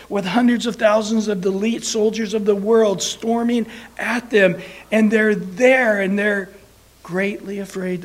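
A man preaching a sermon, telling a Bible story in an animated way and acting out the quoted voices of the people in it. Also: high voice.

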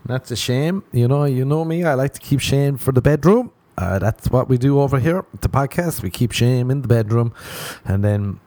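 A man's voice: mid-range voice, normal speed, darkish tone. A man hosting a podcast, rambling through a crude comic monologue, mocking himself and laughing at his own jokes. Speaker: podcast host.

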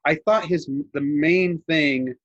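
Here a young adult man co-hosting a podcast talks slowly in a fairly high, fairly bright voice. The chat is casual and rambling, full of fillers and restarts, and the audio is dull.

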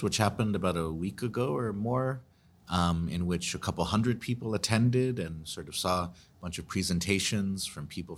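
Deep-voiced man from explaining. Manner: earnest, explanatory, chatty with restarts. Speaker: host answering listener questions. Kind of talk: casual commentary.

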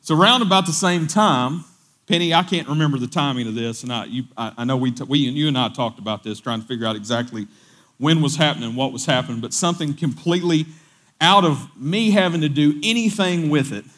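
A man with a somewhat high voice preaches in a loose, conversational storytelling style. He repeats words as he goes and slips into lively voices when he quotes others. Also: brisk. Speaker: pastor. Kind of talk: storytelling sermon.

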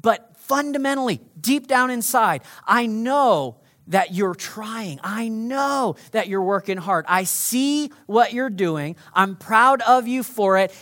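A man preaching a sermon as pastor, swinging between loud emphasis and hushed, intimate delivery. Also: high voice.

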